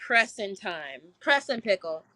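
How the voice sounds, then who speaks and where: A woman's voice: mid-range voice, very animated, a little slow, sharp tone, no echo, poor audio. A woman cohosting a podcast, chatting casually and rambling with lots of filler words. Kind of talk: casual chat.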